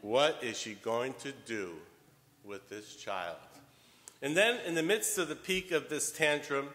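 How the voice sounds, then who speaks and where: A man preaching a sermon as homilist, telling a story in a deliberate way with wide swings in loudness. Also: mid-range voice, big pitch swings. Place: church. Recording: long church reverb.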